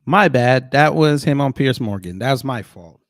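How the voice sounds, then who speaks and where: A man hosts casual reaction commentary and talks straight to his viewers. His pitch rises and falls a great deal as he moves from loud emphatic lines to quiet muttered asides. The sound is close and dry, with no room around it. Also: animated, normal speed, dry recording. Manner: addresses viewers directly as folks. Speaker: commentary host.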